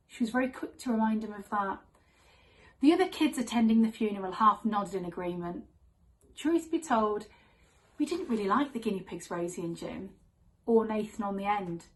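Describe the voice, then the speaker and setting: A woman telling a comic true story on stage in a wry, deadpan manner. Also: medium pitch, moderate pace, poor audio.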